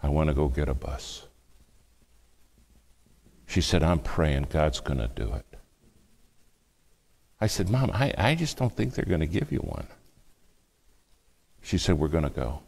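A man preaching a sermon, telling a family story with hushed asides and louder bursts. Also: rumbling low, expressive, measured pace, long pauses, breathy edge. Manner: dramatic storytelling, acts out quoted speech, shifts between hushed and loud.

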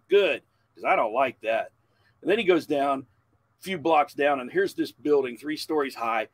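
A man in his forties, a podcast guest, telling a long profane story in a loud, animated way. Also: medium pitch, moderate pace, no room sound.

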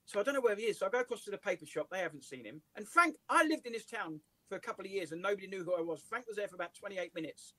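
English male comedian, high voice, animated storyteller, dry recording. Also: rapid-fire, few pauses, no echo. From England. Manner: lively, laughs through his stories. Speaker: comedian and writer, guest. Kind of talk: casual anecdotal storytelling. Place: office.

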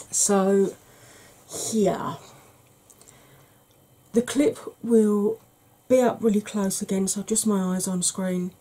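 Soft-spoken woman giving an ASMR makeup lesson. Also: mid-range voice, very slow, long pauses, husky, low-quality recording. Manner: soft, partly whispered, chatty and explanatory. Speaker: makeup tutorial host.

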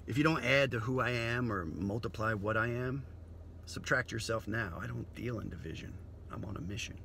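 Comedian, male, gravelly edge, bright tone, swearing rant. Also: mid-range voice, a little fast, slight background noise. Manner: profane, philosophical ranting. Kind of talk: comedic monologue.

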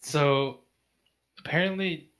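A man's voice: fairly high pitch, slow, a bit bright. A man playing a tabletop game, talking casually, joking and swearing freely. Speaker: player.

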